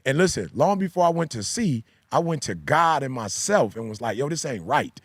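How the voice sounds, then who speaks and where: A man's voice: medium pitch, very animated, normal speed, dry recording. A man who is a pastor and podcast host, talking in a casual discussion with an emphatic, repetitive preaching cadence. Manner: emphatic, repeats key phrases like a preacher.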